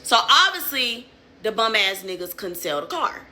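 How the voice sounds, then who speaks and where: A woman's voice: mid-range voice, sing-song, normal speed, sharp tone. A young woman telling a story in casual, profane, streetwise slang.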